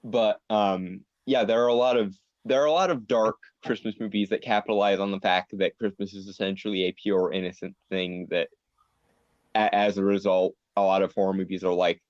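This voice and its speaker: Low-voiced man chatting on a podcast. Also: steady tone, fairly quick, no room sound. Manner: stammering restarts, playful mock villain laugh. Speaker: podcast co-host. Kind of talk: casual chat. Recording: dry, dull lo-fi audio.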